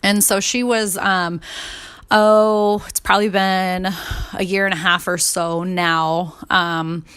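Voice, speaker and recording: A woman's voice: lowish voice, flat delivery, slow, fairly bright tone, clean tone. A woman in her thirties telling her personal story in a candid, chatty way, with lots of fillers and some swearing. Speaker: podcast host.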